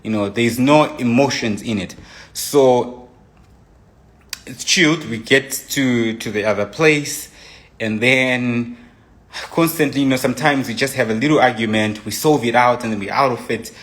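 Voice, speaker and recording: A man's voice: mid-range voice, a little slow, fairly bright tone. A young man casually recounting a relationship story, rambling with restarts and frequent "you know" asides. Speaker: boyfriend telling his side of a relationship story.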